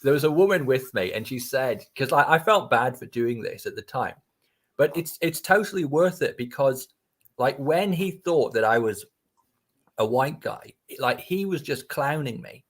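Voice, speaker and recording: A man's voice: mid-range voice, lively intonation, moderate pace. Man, podcast guest, rambling casual storytelling, restarts and fillers, blunt swearing.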